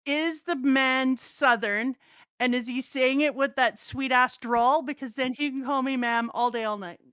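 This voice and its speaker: A woman's voice: high voice, steady tone, unhurried, a bit bright, clear, resonant tone. A middle-aged woman, the host's mother, chatting casually in a blunt, profane, laughing way. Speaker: co-host, mother of the host. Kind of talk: casual chat reading chat comments.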